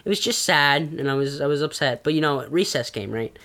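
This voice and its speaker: A young man chatting casually, rambling through a story with lots of fillers and animated bursts. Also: fairly high pitch, fairly quick. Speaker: storyteller guest. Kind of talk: casual podcast chat.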